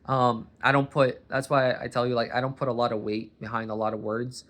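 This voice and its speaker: A man's voice: mid-range voice, flat delivery, brisk, fairly bright tone. Rambling, chatty man from Boston. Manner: rambling, self-interrupting, chatty. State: warm under a sweater, hat and blanket. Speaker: vlogger. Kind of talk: rambling casual monologue. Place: home living room, recording on a coffee table. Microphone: camera on a coffee table.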